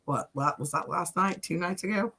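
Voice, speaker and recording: A woman's voice: lowish voice, moderate pace, pushed and bright, slightly rough. A woman from Illinois chatting casually, with a wry, offhand way of talking. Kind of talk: casual chat.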